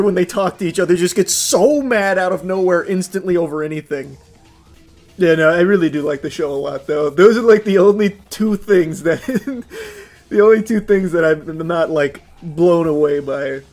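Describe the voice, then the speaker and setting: Young streamer guy ranting, high voice, swears a lot, laughs, faint music behind. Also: normal speed. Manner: animated, profane, laughing often. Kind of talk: casual livestream rant.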